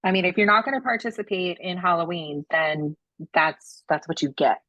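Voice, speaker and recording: A woman's voice: fairly low pitch, normal speed, bright, forceful tone, no echo, poor audio. A woman co-hosting a podcast, chiming in with playful jokes. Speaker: podcast co-host. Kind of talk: casual podcast chat.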